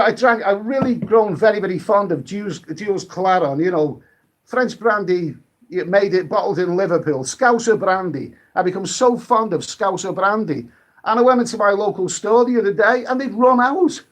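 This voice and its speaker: A British man chats casually on a late-night live stream, his voice a touch higher than most men's. He rambles and restarts his sentences often. He picks up viewer comments and reads them aloud as he goes.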